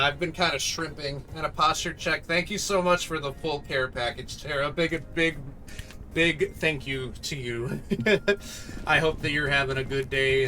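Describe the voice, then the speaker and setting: A man streaming a game live, commenting excitedly, thanking viewers and laughing often. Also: mid-range voice, a little hiss or hum.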